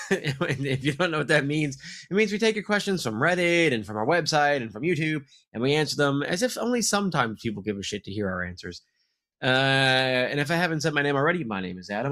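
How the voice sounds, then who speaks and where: A man's voice: mid-range voice, fairly bright tone. A man co-hosting a podcast in casual comedic chat, rambling and laughing often. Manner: goofy, rambling, laughs a lot. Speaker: podcast co-host.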